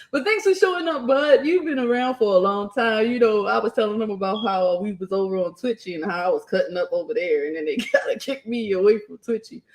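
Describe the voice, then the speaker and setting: A woman's voice: mid-range voice, a little mellow. A young adult woman, chatting casually on a live stream, laughing often and raising her voice when quoting herself. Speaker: streamer and channel host.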